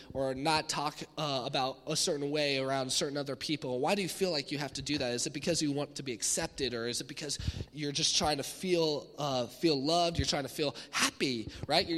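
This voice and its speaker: A man with a high, bright and forceful voice preaches with lively energy and acts out the voices of people he quotes. His words carry the long echo of a large hall. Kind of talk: sermon. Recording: echoey hall.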